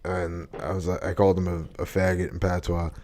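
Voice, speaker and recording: A man with a low, deep voice hosts a podcast and keeps the talk loose and joking. He swears freely and drifts from topic to topic in easy casual chat. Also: flat delivery, brisk, darkish tone. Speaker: podcast host.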